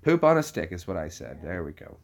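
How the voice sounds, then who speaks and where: A man's voice: sits low, sing-song, a little fast, vocal fry. Rambling, chuckling male vlogger. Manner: rambling, chuckling, thinking aloud while browsing. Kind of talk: casual vlog chat.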